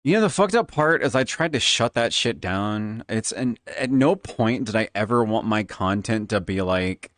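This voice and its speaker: Man, flamboyant, tipsy, Valley Girl lilt, lively swooping pitch, dry close sound. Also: normal speed, hardly any pauses, dry recording. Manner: flamboyant, animated. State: tipsy from drinking. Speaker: streamer. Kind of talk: casual stream chat.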